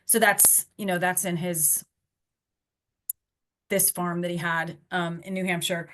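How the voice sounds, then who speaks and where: A woman's voice: fairly low pitch, level tone, a little slow, fairly bright tone. A woman giving an online lecture in a conversational way, with frequent fillers and restarts.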